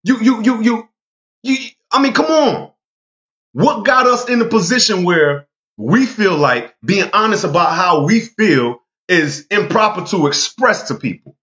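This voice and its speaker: A man's voice: high-pitched, sing-song, a little slow, sharp tone, dull audio. A man delivering a heated, profane monologue rant, emphatic and repeating himself to drive points home. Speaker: vlogger.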